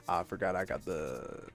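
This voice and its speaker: A man streaming a video game, chatting casually and playfully, reading the game's text aloud in a half-put-on cowboy drawl. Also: low-pitched. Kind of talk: casual let's-play commentary.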